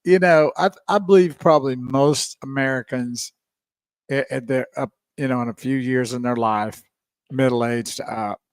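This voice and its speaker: A man's voice: medium pitch, a little slow, smooth, dry recording. A man hosting a radio show, chatty, laughing and greeting listeners. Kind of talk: casual radio talk. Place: radio studio. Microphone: studio microphone.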